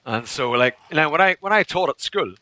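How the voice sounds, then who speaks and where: A man's voice: on the high side, animated, brisk, bright, forceful tone. A man from Northern Ireland with a Northern Irish accent, chatting casually on a game stream, telling stories animatedly, laughing often and repeating phrases for effect. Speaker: live streamer.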